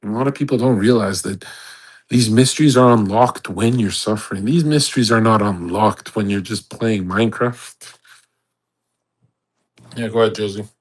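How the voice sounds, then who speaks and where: A man's voice: fairly low pitch, moderate pace, husky. A man giving an intense, rambling motivational monologue in casual chat, often restarting his sentences. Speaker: livestream speaker. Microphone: home microphone on an audio chat space.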